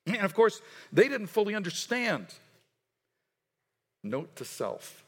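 A man preaches a sermon with a high, very lively voice that leaps up and down. He stumbles and restarts often and acts out the voices he quotes, and his words ring out with a long hall reverb behind them. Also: slow pace, long pauses, slightly rough. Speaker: pastor.

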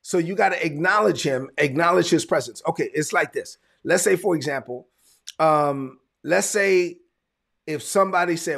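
Brief: male preacher, fairly high voice, gravelly and husky, chatty and emphatic. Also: moderate pace, a bit bright. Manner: conversational, emphatic preaching with repetitions. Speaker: pastor. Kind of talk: sermon.

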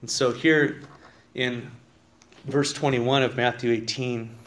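This pastor speaks slowly in a mid-range, slightly bright voice with fairly even intonation. Standing in the church sanctuary, he gives a conversational sermon, reading from scripture and questioning his congregation.

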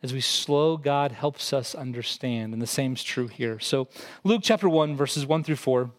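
A man's voice: mid-range voice, unhurried. A male pastor giving a conversational sermon to his congregation, often repeating words as he restarts a thought. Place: church hall with congregation.

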